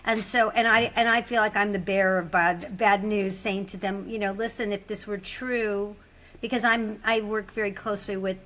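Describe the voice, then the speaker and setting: A woman hosting a care podcast, talking in an animated, emphatic way and restarting her sentences often. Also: mid-range voice, brisk, few pauses, slight background noise. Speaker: podcast host. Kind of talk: conversational interview.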